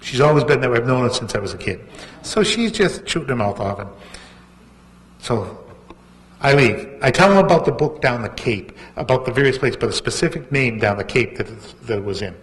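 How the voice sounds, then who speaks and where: A man's voice: medium pitch, expressive, brisk, long reverb tail. A man, an author telling a rambling, self-mocking anecdote at a book launch. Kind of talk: anecdotal storytelling talk. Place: book launch event hall.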